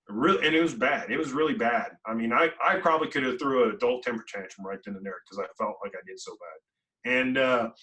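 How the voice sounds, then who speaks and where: A man recounts his experiences as a podcast guest, animated and chatty, using plenty of fillers and acting out the dialogue. His voice has a bright, forceful edge. He sits slightly back from the microphone. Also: medium pitch, far from the mic, low-quality recording. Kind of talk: conversational storytelling.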